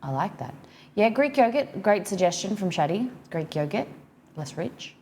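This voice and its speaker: A woman's voice: medium pitch, sing-song, moderate pace, darkish tone, slight background noise. A woman with an Australian accent hosting a cooking live-stream, chatting with viewers and reading their comments aloud as she reacts.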